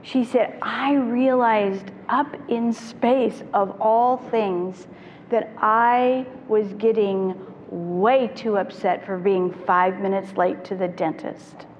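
A middle-aged woman, a child therapist, telling stories to parents in an animated way and acting out the voices she quotes. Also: mid-range voice, takes it slowly. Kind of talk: storytelling talk to parents. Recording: reverberant hall, dull lo-fi sound, faint noise.

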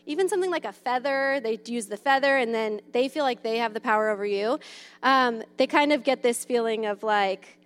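A woman's voice: fairly high pitch, brisk, clean tone. A woman in her thirties chatting casually about parenting and play, full of fillers and acted-out kid voices. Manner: chatty, lots of "um" and "like", acts out kids' voices. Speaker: mother sharing parenting tips. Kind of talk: casual advice talk.

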